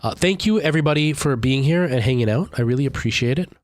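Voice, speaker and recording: A man's voice: medium pitch, lively intonation, fast, no room sound. A man in his thirties, a streamer casually chatting to his viewers in a rambling way, full of fillers and restarts. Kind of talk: casual chat with live chat.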